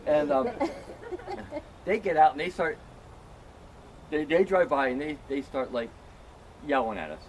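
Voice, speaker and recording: A man's voice: mid-range voice, animated, moderate pace, a crowd in the background. A middle-aged man telling a long, self-mocking story among friends, full of "um" and "you know.". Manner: rambling, filler-heavy, self-mocking. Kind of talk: casual anecdote.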